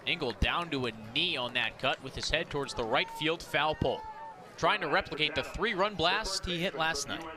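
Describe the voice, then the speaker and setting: Excitable man calling baseball play-by-play. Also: noisy background. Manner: rapid pitch calls, rising to shouts on big plays. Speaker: play-by-play announcer. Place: outdoor ballpark broadcast booth. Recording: outdoor ballpark crowd behind. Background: ballpark crowd.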